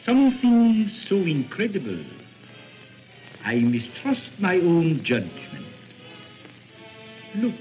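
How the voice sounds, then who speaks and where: An actor with a Hungarian accent playing a suave aristocratic male vampire count, measured and hollow. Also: high voice, wildly swooping pitch, full character voice. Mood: ominous. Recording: dull 1930s film soundtrack with faint music.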